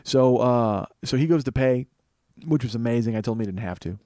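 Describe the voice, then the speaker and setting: A man's voice: fairly quick, no echo. A man hosting a podcast, telling a long story in a casual, profane way and acting out what others said. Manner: animated, profane, acts out quotes in a higher voice. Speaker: podcast host.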